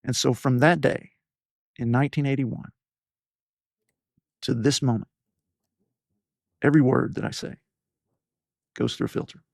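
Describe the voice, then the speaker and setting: A man in his fifties from East Tennessee with a softened Southern accent, telling personal stories in an interview and acting out quoted voices. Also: medium pitch, steady tone, unhurried, long pauses, dry recording, studio quality. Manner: earnest storytelling, acts out quoted voices. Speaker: podcast host as guest. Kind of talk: reflective interview talk.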